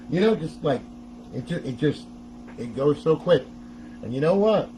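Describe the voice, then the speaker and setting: A man's voice: fairly high pitch, moderate pace, background noise. A middle-aged man hosting a casual step-by-step tech tutorial, chatty and often laughing as he talks to viewers.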